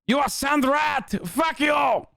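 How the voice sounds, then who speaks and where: A man voicing a hot-tempered Frenchman with a mock French accent, yelling insults in a shrieking voice. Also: very high voice, slow pace, gravelly, no echo, clean studio sound, pitched above the performer's own voice, exaggerated voice. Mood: furious.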